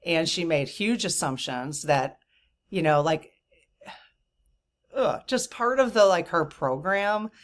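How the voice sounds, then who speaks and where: A woman in her fifties telling a story to camera in a casual, animated and indignant way, with lots of fillers and asides. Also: fairly low pitch, takes it slowly, long pauses. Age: 50s. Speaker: vlogger.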